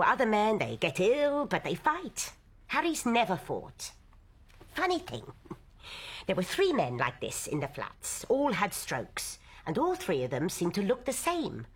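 An actress playing a tough, worn-down middle-aged housewife who talks bluntly and plainly about hard times. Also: female voice, on the low side, slightly rough, exaggerated voice. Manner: blunt, matter-of-fact, worn down. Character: tough weary working-class London housewife. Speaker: wife and host of old friends. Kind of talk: stage drama dialogue.

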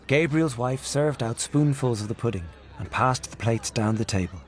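A man reading a literary story aloud in a measured, expressive storytelling manner. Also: medium pitch. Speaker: audiobook narrator. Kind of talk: literary audiobook narration.

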